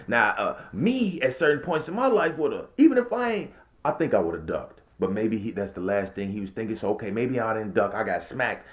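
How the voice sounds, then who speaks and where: A man who works as a restaurant server, telling a story in a casual vlog, swinging between loud and hushed and acting out the quotes. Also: fairly low pitch, sing-song, a little fast.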